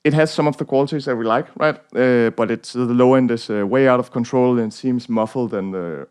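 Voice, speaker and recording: A man's voice: medium pitch, fairly quick, darkish tone, smooth. A young Danish man with a Danish accent, hosting a guitar tone tutorial in a casual, rambling way with lots of fillers and self-deprecating jokes. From Denmark. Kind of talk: casual gear walkthrough.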